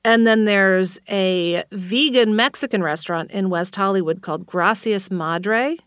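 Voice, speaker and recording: A woman co-hosting a podcast in casual chat, quick with laughing asides, recorded in a studio. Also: medium pitch, smooth, no echo. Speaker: podcast co-host.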